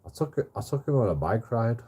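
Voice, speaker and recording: A man's voice: medium pitch, sing-song, fast talker, dark tone, slightly rough. A man telling a rambling story on a livestream, swearing heavily and repeating himself.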